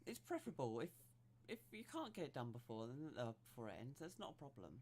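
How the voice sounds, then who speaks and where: A tabletop game player speaks in character in casual role-play, eager and chatty and quick to laugh. The voice is mid-range, a little mellow, very animated, and fast.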